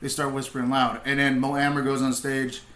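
A young man, a comedian, telling stories in laid-back casual talk, swearing freely and getting animated as he retells. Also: medium pitch, a little fast, roomy sound, background noise. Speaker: comedian, podcast guest. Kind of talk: casual storytelling.

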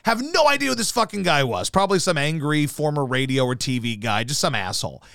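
A man's voice: a little high, quick pace, gravelly, dry recording, clean studio sound. A male radio host telling profane stories in casual podcast chat. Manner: profane, animated storyteller.

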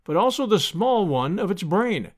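Expressive male audiobook narrator, lively pitch. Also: moderate pace. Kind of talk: scripted narration.

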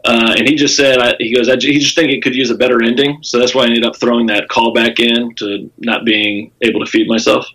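A man's voice: mid-range voice, little pitch movement, fast, hardly any pauses, bright, forceful tone, breathy edge, low-quality recording. A man with a Southern US accent, a comedian telling stories in a casual podcast chat, rambling with lots of fillers and cursing. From South Carolina. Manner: rambling storytelling with frequent fillers and profanity. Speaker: comedian guest.

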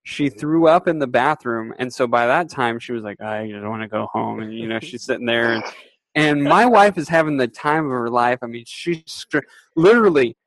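A young adult man, a podcast co-host, telling a drinking story in casual chat, animated and laughing often. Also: mid-range voice, normal speed, no echo.

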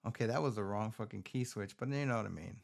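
A man's voice: fairly low pitch, quick pace, creaky, soft background music. A man casually recapping a film on his phone camera, cursing constantly and rambling animatedly. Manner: profane, rambling, animated storytelling. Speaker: movie recapper.

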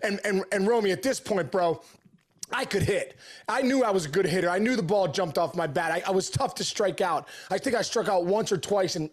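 Brief: middle-aged male guest, high-pitched for a man, eager and earnest, stumbles and restarts as he tells his story. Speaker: podcast guest. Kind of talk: storytelling in conversation.

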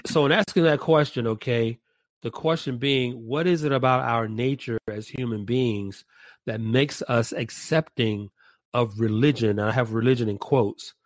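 A man talks through an idea in a reflective discussion, slowly building his argument and circling back to rephrase it. His voice sits in a middle register and comes across dry and close, with no room sound around it. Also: mid-range voice, dry recording. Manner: deliberate, restates and rephrases his points.

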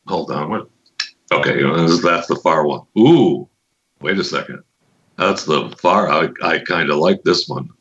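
A man's voice: very deep voice, moderate pace, fairly bright tone, dull audio, slight background noise. A man hosting a podcast in a casual, joking way, chatting loosely and fiddling with his mic on air. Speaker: podcast host.

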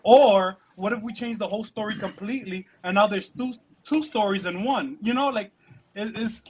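Male podcast guest, high voice, quick eager delivery, repeats himself. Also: darkish tone, a little hiss or hum, low-quality recording. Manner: enthusiastic, rapid, repeats words while thinking. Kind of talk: casual podcast chat.

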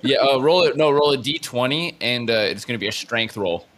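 A man's voice: medium pitch, expressive, fairly quick, a bit bright. A man narrating as game master of a tabletop game, rambling and laughing as he describes the scene. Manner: laughing, rambling, full of fillers.

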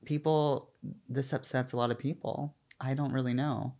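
A man from the American South chats as a guest in a relaxed interview. He is animated and talkative, and he fills his sentences with "like" as he tells stories. His delivery is loose and conversational. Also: mid-range voice, moderate pace. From Southern United States. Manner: chatty, animated, full of "like" fillers. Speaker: guest, drag performer. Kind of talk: casual interview chat.

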